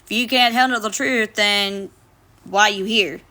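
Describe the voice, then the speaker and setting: A woman's voice: medium pitch, a little slow, bright, forceful tone. A young woman livestreaming casually from her phone, reading viewer comments aloud and answering them bluntly, with plenty of swearing. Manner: blunt, profane, reads viewer comments aloud and talks back.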